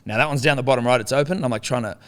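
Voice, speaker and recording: Rapid-fire and medium in pitch, a young adult podcast co-host chats casually, cursing freely. His storytelling is lively, and he voices each quote as he goes.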